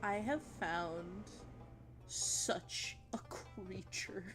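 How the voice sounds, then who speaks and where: A woman chatting casually on a livestream while she draws, gushing and giggling, with bursts of excitement and casual swearing. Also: medium pitch, extremely slow, over music. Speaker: art streamer.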